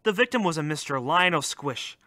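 A man's voice: on the high side, lively intonation, fairly quick, sharp tone, dry recording. A man playing an impatient detective in a college radio murder-mystery spoof. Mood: brusque. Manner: curt, impatient. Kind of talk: college radio comedy sketch.

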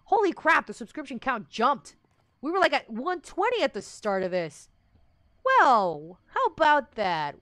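A woman's voice: on the high side, big pitch swings, unhurried, fairly bright tone, no echo. A young woman live-streaming a video game, chatting with viewers and scolding her horse, laughing often. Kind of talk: casual live-stream chat.

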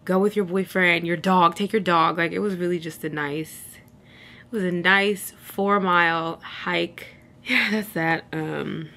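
A young woman vlogger chatting casually to her viewers, expressive and quick to laugh, with a bit of casual swearing. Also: fairly low pitch. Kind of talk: casual vlog chat.

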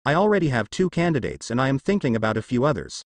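A man voicing a cold, arrogant young male ninja clan head in a fan story reading, with a flat, mocking delivery. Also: medium pitch, fast, no echo, studio quality.

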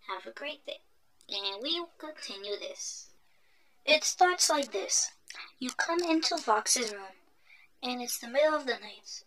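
A woman narrating a listener role-play story in a soft, half-whispered ASMR manner. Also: high-pitched, rough recording.

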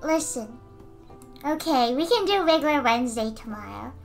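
A woman streaming casually while she draws, answering chat, giggly and given to excited squeals. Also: high voice, normal speed, faint music behind. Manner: responds to chat messages.

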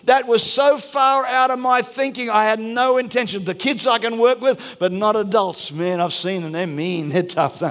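A male pastor from Australia preaching a sermon with fervour, swinging from shouts to a near hush. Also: very high-pitched. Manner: fervent preaching, rising to shouts and dropping to a hush. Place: large church hall. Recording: church hall reverb with faint music.

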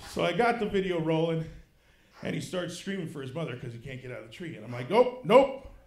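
Stand-up comic, man, thirties, high animated delivery, roomy club mic. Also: quick pace. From Kansas City, United States. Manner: animated, swings from low mutters to loud shouted punchlines. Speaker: stand-up comedian. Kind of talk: stand-up comedy set. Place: comedy club stage.

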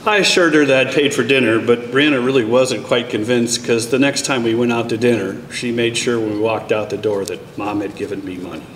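A man's voice: fairly quick, hardly any pauses, very noisy. A middle-aged man introducing his child at a ceremony, telling a family story and acting out the dialogue. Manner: storytelling, acts out dialogue with raised pitch. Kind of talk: anecdotal speech at a ceremony. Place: large hall at a school event. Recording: echoey hall, mic from far off.

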